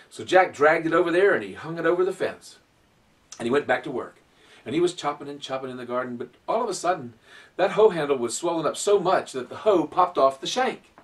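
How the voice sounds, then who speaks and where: A man's voice: medium pitch, recorded from a distance. A man telling folk tales to children in a folksy, dramatic way. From Virginia, USA. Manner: animated, folksy, dramatic pauses. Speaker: storyteller. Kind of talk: oral folk storytelling to children.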